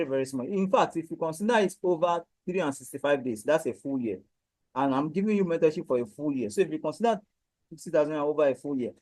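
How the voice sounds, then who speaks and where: Man from Nigeria, webinar sales pitch, persuasive and repetitive, mellow tone, dry close sound. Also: no echo, low-quality recording. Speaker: online course seller.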